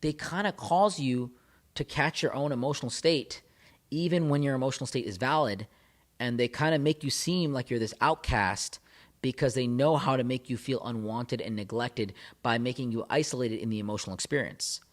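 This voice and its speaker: A man's voice: mid-range voice, normal speed. A man giving relationship advice to camera as a coach, speaking emphatically, repeating phrases and building intensity. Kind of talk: direct-to-camera advice talk.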